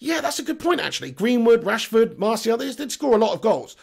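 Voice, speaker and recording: Young male host, hoarse and raspy, matey and blunt, a higher voice with fry. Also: sing-song, a little fast. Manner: chatty, matey shout-outs, blunt opinions. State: hoarse, voice going. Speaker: football channel host. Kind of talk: casual live-stream chat, reading viewer comments.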